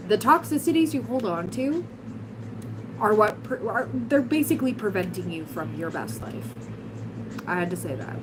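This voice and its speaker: A woman hosts a casual tarot livestream in a raspy, hoarse voice that has not fully recovered. She gives blunt, encouraging advice with giggly asides in a middle pitch. A clear hiss of noise sits under the recording. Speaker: tarot reader, livestream host.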